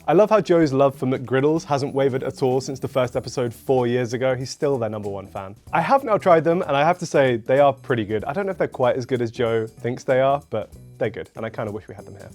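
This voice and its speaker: A British man hosting a casual food review, dry and matter-of-fact with a gently wry tone. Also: medium pitch, fast talker, hardly any pauses, faint music behind. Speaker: food show host.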